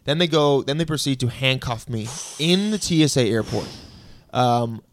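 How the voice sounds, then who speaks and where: A man casually telling a story on a podcast, laid-back and deadpan, quoting people in a flat, low voice. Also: normal speed, no room sound.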